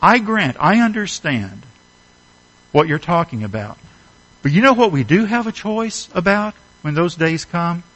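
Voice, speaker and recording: A man's voice: high voice, expressive, a little slow, fairly bright tone, poor audio. A middle-aged man preaching a sermon, earnest and emphatic, asking his listeners rhetorical questions. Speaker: pastor.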